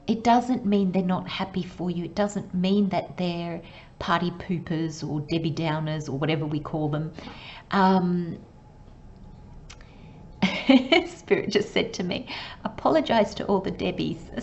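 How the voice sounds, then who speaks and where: A woman giving a casual tarot reading, excitable and rambling, with frequent laughs and soft asides. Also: lowish voice, a little slow, muffled recording, slight background noise. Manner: excitable, rambling, laughs often, sometimes drops to a whisper. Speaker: tarot reader.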